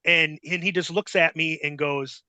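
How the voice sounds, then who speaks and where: A middle-aged man telling a story as a guest in a casual chat, profane and rambling, with animated retellings. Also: fairly high pitch, normal speed, no room sound.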